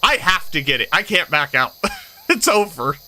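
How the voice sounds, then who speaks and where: Speaking at an ordinary pace in a slightly high voice, a thirty-something streamer host chats casually while gaming. He's animated, tells stories, laughs a lot and doesn't hold back on swearing.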